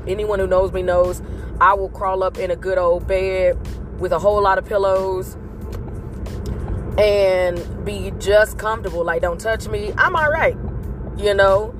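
A woman hosts a motivational vlog, delivering an earnest, faith-based pep talk that repeats its points to encourage listeners. She speaks in a mid-range voice.

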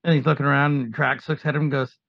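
A man's voice: mid-range voice, steady tone, very fast, vocal fry, slightly rough, dry recording. A man co-hosting a podcast, chatting enthusiastically about a movie he enjoyed. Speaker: podcast co-host. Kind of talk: casual movie recap chat. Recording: dull, dry sound.

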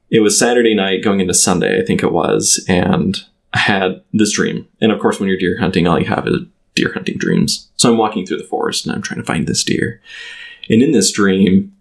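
A man in his thirties tells a personal story as a guest in a relaxed conversation. His voice sits low, with a gravelly, creaky edge. He speaks haltingly, stopping and restarting often and filling the gaps with "like.". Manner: halting, full of "like" fillers and restarts. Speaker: podcast guest. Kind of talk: casual storytelling in a chat.

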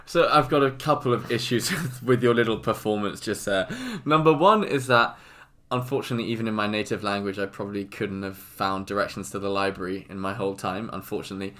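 A man's voice: on the low side, fast talker, a bit bright, a little hiss or hum. A young English man co-hosting a podcast, chatting casually with a giggly, self-mocking manner. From England. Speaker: podcast co-host. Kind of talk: casual comic chat.

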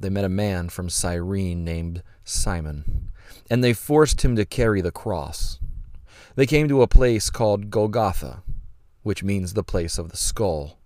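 Low-voiced man reading scripture earnestly. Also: darkish tone, no echo, clean studio sound. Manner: earnest, measured reading with dramatic emphasis. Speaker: podcast host. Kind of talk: reflective podcast teaching and scripture reading.

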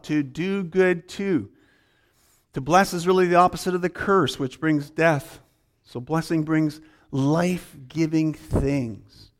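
A man preaches a sermon in a fairly high voice. He tells a story and acts out its conversations, rising and falling in pitch and slowing down or speeding up as he goes. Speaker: pastor.

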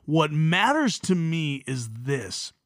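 A man co-hosting a podcast, telling a story in a casual, profane and animated way. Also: on the high side, slow, no room sound, clean studio sound. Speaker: podcast co-host, comedian.

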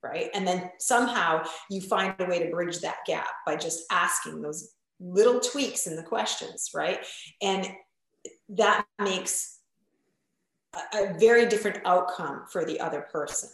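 A woman podcast guest and coach chatting casually, telling stories bluntly and acting out quoted lines with lively voices. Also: fairly low pitch, a little slow, gravelly, heavy reverb, rough recording. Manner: animated storyteller, acts out quotes, blunt, swears.

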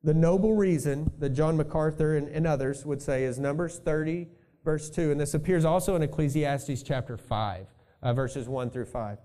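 A man's voice: on the high side, moderate pace, dark tone. A male pastor preaching a sermon in a conversational way, thinking aloud and adding asides to his congregation.

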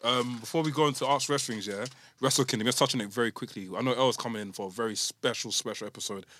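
A man hosting a casual wrestling podcast, eager and quick, firing off questions and recollections. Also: medium pitch, fairly bright tone, a little hiss or hum. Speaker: podcast host.

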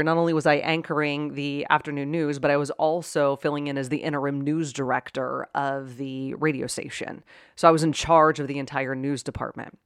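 A middle-aged woman from Pittsburgh with a faint Pittsburgh accent, hosting a solo podcast in a chatty, animated way full of asides. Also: sits low, dry recording, studio quality. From Pittsburgh, USA. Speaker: podcast host.

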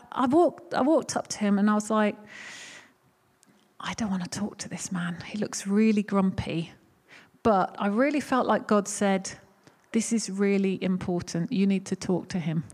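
A woman's voice: mid-range voice, darkish tone. A middle-aged woman giving a conversational teaching on prayer for healing, candid and lightly self-deprecating, telling a personal story.

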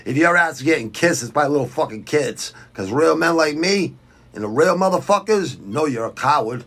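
A man's voice: on the high side, expressive, normal speed, fairly bright tone, breathy edge. A middle-aged man from Boston with a Boston accent, hosting a fight podcast in a blunt, rambling, profane rant while reading viewer comments. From Southwest Quincy, Massachusetts. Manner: blunt, rambling, heavy swearing. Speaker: podcast host.

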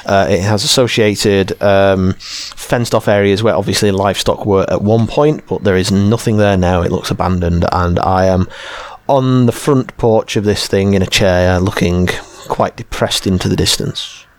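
A man narrating as game master in a tabletop game, describing scenes in a halting, rambling way. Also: sits low, fairly even intonation.

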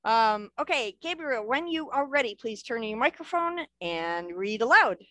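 A cheerful, encouraging woman hosts an online author event, her voice a little high. The sound is dry and close on a video call. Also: expressive, normal speed, fairly bright tone, no echo. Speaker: event host. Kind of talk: upbeat event hosting.

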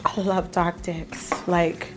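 A woman's voice: fairly low pitch, little pitch movement, takes it slowly, background noise. A young woman co-hosting a casual chat on camera, telling stories bluntly and with animation. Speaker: podcast co-host. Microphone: on camera, eating while talking.

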